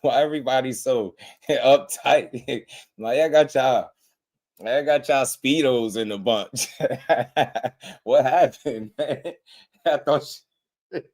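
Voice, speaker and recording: Laughing man hosting a boxing livestream. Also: medium pitch. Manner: laid-back, laughs often, shouts out viewers by name. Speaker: boxing channel host. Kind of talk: casual livestream chat.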